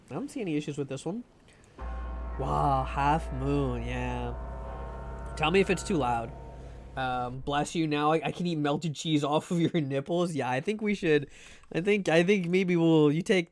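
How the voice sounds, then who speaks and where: A man's voice: on the high side, a little hiss or hum. A man streaming a game live from home at a desk mic, chatting casually with viewers, joking and laughing a lot. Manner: joking, self-deprecating, laughs often. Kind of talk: casual live-stream chat while gaming. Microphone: desk microphone.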